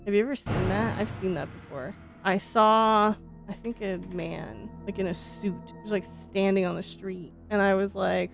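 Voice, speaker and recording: A woman streamer telling stories in casual, animated chat, full of fillers like "like". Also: mid-range voice, normal speed, gravelly, faint music behind. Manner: animated, chatty, many fillers like "like". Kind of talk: casual live-stream storytelling.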